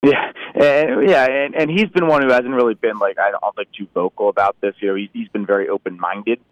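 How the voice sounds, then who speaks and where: A man talks through political news in a casual, hesitant way, full of fillers. His voice is low and the sound is dry and close. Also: steady tone, a little fast, dry recording, dull audio. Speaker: news correspondent.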